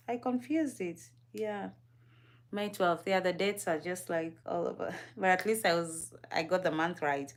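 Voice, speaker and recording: A woman's voice: lowish voice, measured pace. A young woman from Kenya chatting casually as a livestream co-host. She is curious and talkative, laughs often, and speaks to her co-host and the viewers in the chat.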